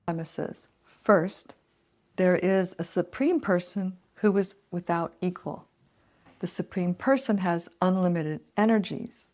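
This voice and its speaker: A woman in a clip being reacted to, giving a measured talk that explains beliefs point by point. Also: on the low side, darkish tone.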